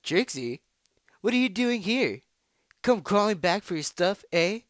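Brief: a man playing a cocky female pegasus, pitched way up, jeering. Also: very animated, unhurried, no echo, clean studio sound. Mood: mocking. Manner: mocking, loud. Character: smug brash female pegasus athlete.

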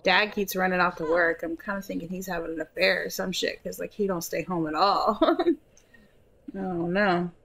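A woman's voice: on the low side, steady tone, normal speed, a bit bright. A woman giving casual gameplay commentary, chatting to her characters and swearing offhandedly. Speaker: gameplay streamer.

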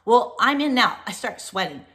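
A chatty woman hosting a casual talk to her viewers, with a bright, forward tone. She rambles through fillers and restarts, laughs easily, and livens up as she tells her stories. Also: fairly high pitch, normal speed. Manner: animated storytelling. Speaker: host.

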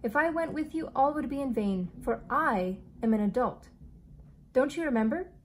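An eccentric, kindly male inventor speaks in slow, formal, old-fashioned phrases, read aloud by a woman. The voice sits a little high, with a faint hiss of room noise behind it. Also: lively intonation.

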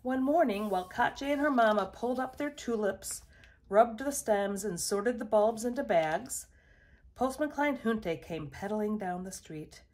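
A woman reading a children's picture book aloud in a measured storytelling voice. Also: medium pitch, darkish tone. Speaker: storybook reader.

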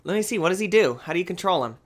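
A man hosting a gaming video, talking through his play in an excitable, exclamatory, rambling way. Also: high-pitched, racing. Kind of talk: let's play commentary.

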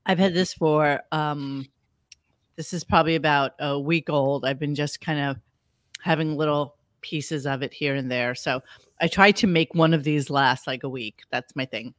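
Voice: mid-range voice, steady tone, a bit bright, no echo. Podcast host, rambling casual chat, plenty of fillers, dry close mic. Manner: rambling, halting with fillers and restarts.

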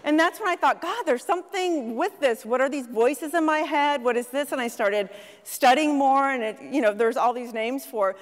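A middle-aged woman life coach giving a lively motivational talk to an audience, telling stories and asking the crowd questions. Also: high-pitched, moderate pace. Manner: storytelling, animated, asks the audience questions. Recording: long hall reverb from a stage.

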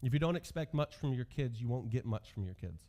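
A man's voice: medium pitch, animated, brisk, dark tone. A pastor in his thirties delivers a sermon in an ordinary mid-range male voice. He tells stories from his own youth and pokes fun at himself as he goes. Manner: storytelling with self-deprecating humor.

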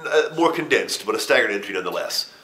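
A man's voice: lowish voice, lively intonation, quick pace, sharp tone. A middle-aged man in an interview, telling a story in a casual way with a lot of swearing, laughter and stammered restarts. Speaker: interview guest, wrestler.

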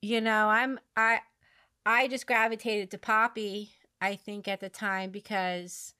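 A woman hosting a podcast, telling a long story in a rambling way, with many fillers and restarts, laughing at her own dark humor. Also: mid-range voice, flat delivery, unhurried, clear, resonant tone, no room sound, studio quality. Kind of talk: casual conversational storytelling.

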